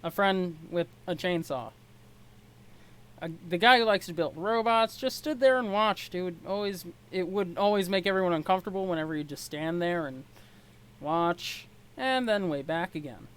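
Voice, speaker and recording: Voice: medium pitch, normal speed, a bit bright, smooth. A casual host reading a webcomic aloud, rambling and self-deprecating with jokey asides. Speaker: webcomic read-along host.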